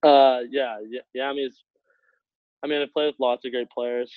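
A young man, a hockey player, telling a story in a rambling casual way, full of likes and quick laughs. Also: medium pitch, little pitch movement, dry recording. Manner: rambling, many likes, laughs between phrases. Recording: tinny phone-like line, dry.

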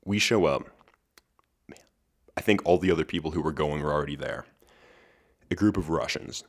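A man's voice: very deep voice, normal speed. A young man hosting a podcast on his own, telling a story in a chatty way with frequent laughs. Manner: chatty, laughs between lines, restarts words. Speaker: podcast host. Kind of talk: casual solo storytelling.

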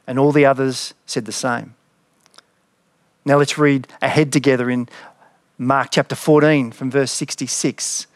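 A man's voice: medium pitch, unhurried, no echo, clean studio sound. A man, a pastor, preaching a sermon in an earnest, reflective way and reading scripture dramatically.

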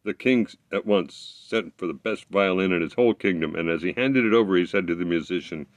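A man reading a fairy tale aloud, expressive, with occasional slips he corrects as he goes. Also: deep voice, brisk, few pauses, no echo. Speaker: storyteller.

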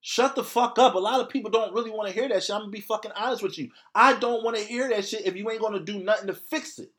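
Male podcast host, blunt and profane, slightly high voice, ranting solo to his audience. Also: rapid-fire, fairly bright tone.

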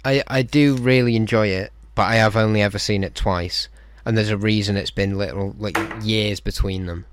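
A man's voice: on the low side, fairly even intonation, moderate pace, hardly any pauses, background noise. A man in a casual group chat, talking hesitantly with many fillers.

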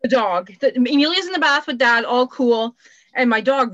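A woman chats loosely as a podcast co-host, rambling and poking fun at herself, with swearing tossed in. Her voice sits a little high. The sound is dry and slightly muffled, like a home mic. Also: expressive, normal speed, fairly bright tone, dry recording. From Canada. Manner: rambling, self-deprecating, swears casually. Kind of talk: casual chat.

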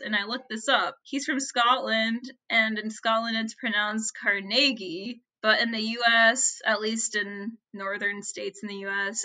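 A woman's voice: on the high side, bright, forceful tone. A woman co-hosting a podcast, casually telling a history story with chatty asides and laughter. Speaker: podcast co-host.

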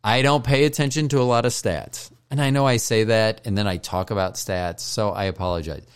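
A man's voice: on the low side, fairly even intonation, fairly quick, clean tone. A man hosting a solo podcast while stoned, rambling, joking and swearing, with frequent apologies and self-deprecation. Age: older. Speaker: podcast host.

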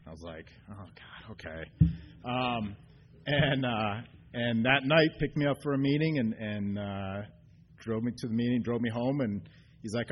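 A man telling his recovery story at a meeting, earnest and halting, full of ums and restarts. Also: mid-range voice, dull audio, slight background noise. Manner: earnest, getting choked up. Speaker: AA meeting speaker. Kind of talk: personal recovery share. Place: meeting room.

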